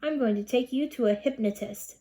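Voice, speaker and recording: A woman's voice: on the high side, brisk, natural voice. A woman reading the part of a determined, impatient mother in a storybook. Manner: sharp, impatient.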